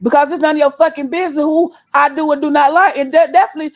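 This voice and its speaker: A woman's voice: high-pitched, fairly even intonation, rapid-fire. A woman over thirty-five, host of a livestream, scolding her viewers bluntly and with a lot of cursing. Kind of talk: heated livestream rant. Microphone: desktop stream mic.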